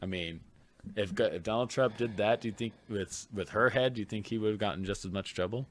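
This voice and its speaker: A man's voice: on the low side, brisk, slight background noise. A man co-hosting a podcast in casual chat, blunt and argumentative, swearing freely. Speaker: podcast co-host.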